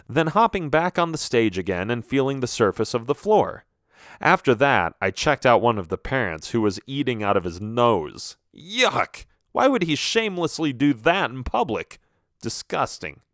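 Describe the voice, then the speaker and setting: A man reads a children's story aloud in the first person, his voice swinging up and down with animated expression. The sound is close and dry, with no room around it. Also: mid-range voice, no echo. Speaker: audiobook narrator.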